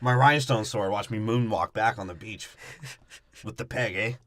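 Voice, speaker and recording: A man's voice: fairly low pitch, moderate pace, fairly bright tone, no echo. A young man co-hosting a podcast, recapping a movie in a casual, profane, joking way. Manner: profane, jokey, slips into silly character voices. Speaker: podcast co-host.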